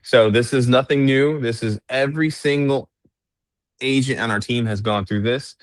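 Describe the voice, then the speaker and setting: A man's voice: mid-range voice, normal speed, no echo. A man coaching real estate agents on a group call, teaching step by step and acting out sample lines to clients.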